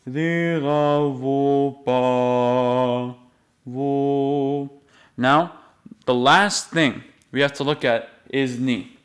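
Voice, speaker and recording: A man giving a patient, step-by-step music lesson, explaining the rules and then slowly singing the note names. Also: mid-range voice. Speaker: music teacher.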